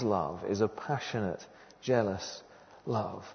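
An earnest man preaches a sermon, leaning on repeated phrases with a lively, swooping delivery. His voice carries a long reverb from a large hall. The recording itself sounds slightly muffled. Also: medium pitch, moderate pace.

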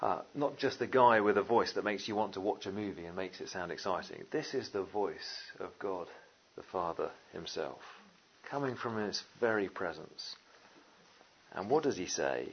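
A man preaching a sermon, lively and conversational, with jokey asides and many fillers. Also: low-pitched, normal speed, muffled recording, a little hiss or hum. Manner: animated, jokey asides, frequent "uh" and "you know".

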